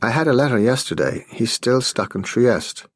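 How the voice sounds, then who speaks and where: A man reading an audiobook voices an indignant young woman, a spy's wife, who is quick to protest. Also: medium pitch, lively intonation, no echo, clean studio sound, voice pushed up, lightly acted. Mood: defensive.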